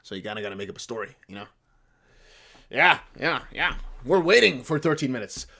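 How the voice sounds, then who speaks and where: A Dutch crypto livestream host talks in a brisk, gravelly, mid-range voice. His English sounds nearly American with slight Dutch traces, and he rambles animatedly, chatting casually with his viewers.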